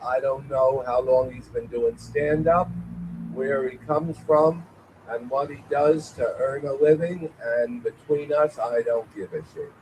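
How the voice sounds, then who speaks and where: A man's voice: medium pitch, unhurried, background noise. A man hosting an open mic, introducing the next comic in a blunt, mock-dismissive way. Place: small venue at an open mic.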